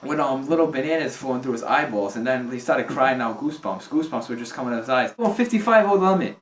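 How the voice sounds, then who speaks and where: A man rattling off an improvised nonsense story in a rapid, deadpan stream of absurd events, recorded among friends. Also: medium pitch. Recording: echoey room from a distance, faint noise.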